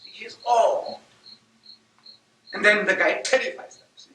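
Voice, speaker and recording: A man's voice: high voice, unhurried, long pauses, sharp tone, a little hiss or hum. A man whose first language is Gujarati, giving a religious lecture with rhetorical questions and sudden emphatic outbursts. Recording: echoey hall taped from a distance.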